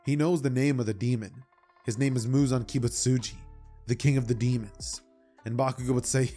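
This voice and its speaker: A young man casually retelling a fan-fiction story for his channel, rambling and animated with side comments. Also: medium pitch, a little fast, faint music behind. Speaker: YouTuber.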